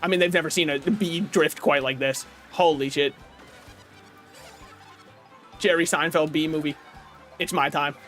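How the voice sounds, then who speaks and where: A man streaming a racing game live, commentating with excitable, profane banter toward the other players and chat. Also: a little high, unhurried, pauses often. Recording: faint game music behind.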